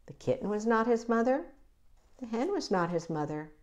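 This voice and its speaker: A woman reading a children's picture book aloud, with an expressive, animated delivery. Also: on the high side, moderate pace, dull audio. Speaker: children's story reader. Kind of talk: read-aloud storytelling.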